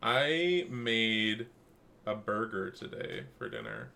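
A low-voiced man with a bright, forceful edge co-hosts a casual podcast, crude and jokey. He bursts into loud, silly voices. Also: huge pitch swings, slow, vocal fry. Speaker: podcast co-host. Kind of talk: casual chat.

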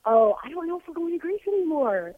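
A woman's voice: sits high, big pitch swings, quick pace, dry recording. A young woman calling in to a radio show from abroad, chatting casually and saying "like" constantly. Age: young adult. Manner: bubbly, says "like" a lot. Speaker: caller. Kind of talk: casual phone call. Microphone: phone. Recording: dull phone line.

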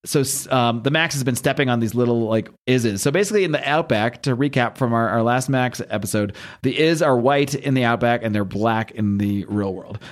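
A man's voice: medium pitch, fairly quick, few pauses. Chatty man recapping comics. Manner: chatty, laughs at himself, acts out characters. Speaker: podcast host. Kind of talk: casual chat, comic book recap.

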